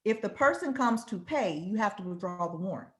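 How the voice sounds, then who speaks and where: A woman's voice: medium pitch, animated, brisk, a bit bright. A woman attorney on a video call, explaining the law plainly in casual chat.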